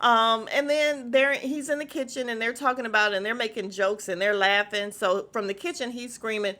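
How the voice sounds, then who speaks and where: A woman's voice: a little high, fairly even intonation, moderate pace, pushed and bright. A woman hosting a casual recap of a podcast episode, talking candidly and giving her own opinions with chatty asides.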